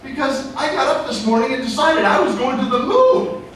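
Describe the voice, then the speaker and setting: A man's voice: very high voice, very animated, brisk, a bit bright. A man giving a playful, jokey motivational talk on stage to a real estate crowd, acting out customers and brokers. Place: large event hall with live audience. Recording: echoey hall recorded from far off, noisy.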